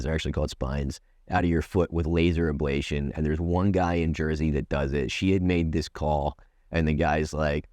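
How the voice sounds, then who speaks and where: A man's voice: deep voice, darkish tone, no echo. A man who is a comedian, telling a long personal story in a casual, profane way, with many restarts and acted-out back-and-forth dialogue. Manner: rambling, profane, with many restarts and quoted exchanges. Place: New York City.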